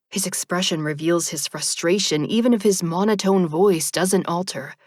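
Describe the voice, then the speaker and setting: A woman narrating an audiobook in the first person with a measured, soft delivery. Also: on the low side, no room sound, clean studio sound.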